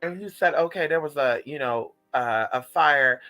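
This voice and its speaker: Animated, profane man telling a story. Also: on the high side, normal speed, rough recording. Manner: animated, profane, talks straight to viewers. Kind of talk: casual storytime vlog.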